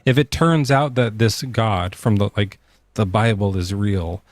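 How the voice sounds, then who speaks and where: A low, unhurried male voice comes from an atheist caller on a late-night debate show. He questions a believer in a mocking, sarcastic, teasing way.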